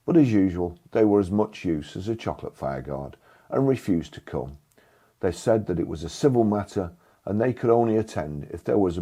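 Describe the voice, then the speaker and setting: An older man from England telling a first-person story in a dry, blunt, sardonic manner, with a husky voice. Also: low voice, warm tone.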